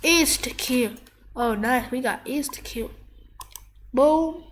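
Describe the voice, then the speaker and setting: Gamer woman with a cold, high voice and slow, drawn-out delivery, excitable with trash talk. Good for playthrough commentary. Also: a little hiss or hum. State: sick, coughing. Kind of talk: live gameplay commentary.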